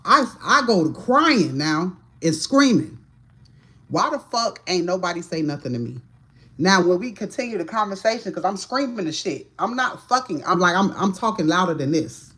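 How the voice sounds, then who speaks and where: A woman's voice: lowish voice, expressive, brisk, a bit bright. Profane, emphatic woman ranting on a livestream. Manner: profane, emphatic, storytelling to viewers. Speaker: livestream host, tarot reader. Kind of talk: casual livestream rant.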